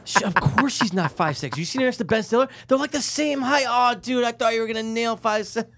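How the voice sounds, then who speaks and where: A young man in casual banter with a friend, joking crudely and sometimes drawing his words out slowly. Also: very high voice, a bit bright, slight background noise. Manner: joking, crude, drawn-out guesses. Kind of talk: casual chat.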